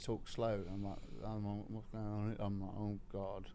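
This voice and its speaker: A middle-aged man telling a story in casual podcast talk, animated and swearing, breaking into laughter. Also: lowish voice, moderate pace, slight background noise. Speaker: podcast guest.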